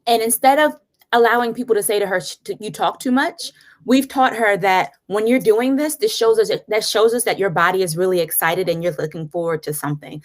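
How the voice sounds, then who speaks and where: A woman's voice: medium pitch, brisk. Earnest woman guest therapist. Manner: earnest, storytelling about parenting. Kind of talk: casual conversational interview.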